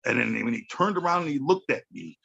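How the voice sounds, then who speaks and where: Guy, 50s, rough raspy voice, streetwise and cussing a lot, muffled podcast sound. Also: medium pitch, sing-song, a little fast, bright, forceful tone. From Chicago. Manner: blunt, profane, streetwise, checks in with "okay". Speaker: podcast guest. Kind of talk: casual storytelling chat.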